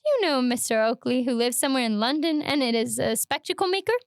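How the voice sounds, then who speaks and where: Woman doing a blunt, gruff sailor. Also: high-pitched, sing-song, fast, dry recording, clean studio sound. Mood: indignant. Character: blunt, gruff seafaring man, quick to anger. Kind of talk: dramatic read-aloud.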